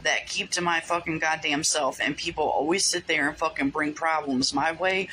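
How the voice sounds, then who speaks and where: A woman's voice: deep voice, sharp tone, a little hiss or hum, poor audio. A woman delivering an angry, profanity-heavy rant to her followers, repetitive and insistent. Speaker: vlogger speaking to followers.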